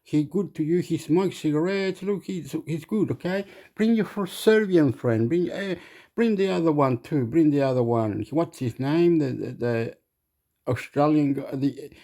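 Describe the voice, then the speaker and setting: List: man playing a bossy older uncle, broken english, repeats himself, dark voice, a bit high. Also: unhurried. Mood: insistent. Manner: repetitive, clipped broken English.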